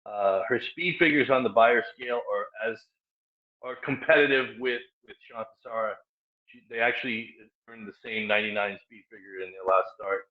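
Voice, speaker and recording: A man's voice: lowish voice, moderate pace. A man on a racing panel giving his pick in a confident, blunt way. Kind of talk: horse racing handicapping talk. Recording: tinny phone-like line.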